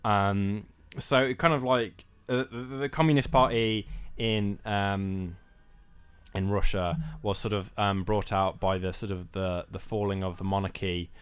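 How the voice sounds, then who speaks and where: A man's voice: fairly low pitch, steady tone, a little slow, clear, resonant tone. A young man co-hosting a casual film podcast, talking hesitantly with many fillers. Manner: hesitant, many ums and sort ofs. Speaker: podcast co-host.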